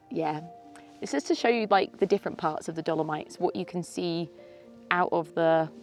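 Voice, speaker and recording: A woman's voice: fairly low pitch, vocal fry, darkish tone. A woman in her thirties talking to camera outdoors on a mountaintop, tearful and sniffly, sighing and laughing between sentences. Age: 30s. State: teary with a snotty nose. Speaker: vlogger. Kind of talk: emotional casual vlog to camera.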